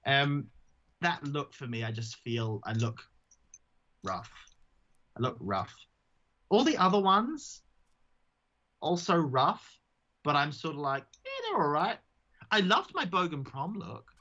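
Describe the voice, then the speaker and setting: Male drag queen guest, casual and self-mocking, bright voice on slightly dull audio. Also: on the high side, sing-song, slow, long pauses. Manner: chatty, self-mocking, slips into silly voices. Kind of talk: casual interview chat.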